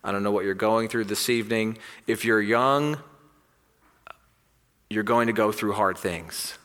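A man preaching a sermon with a bright, ringing voice. He swings from loud, emphatic declarations to hushed, quiet lines. His voice carries a long reverb, as in a large hall. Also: lowish voice, measured pace. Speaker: pastor.

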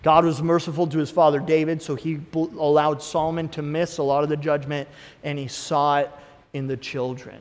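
A man in his thirties preaching a sermon as pastor, swinging between emphatic bursts and quieter asides. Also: a little high, little pitch movement, moderate pace. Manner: preaching with rising emphatic bursts and acted inner voices. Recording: long hall reverb.

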